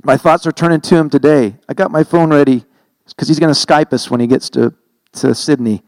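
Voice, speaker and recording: A man's voice: a little high, steady tone, brisk, darkish tone, no echo, poor audio. Earnest middle-aged male pastor preaching. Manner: earnest, conversational preaching with self-corrections. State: emotional, heavy-hearted. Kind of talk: sermon.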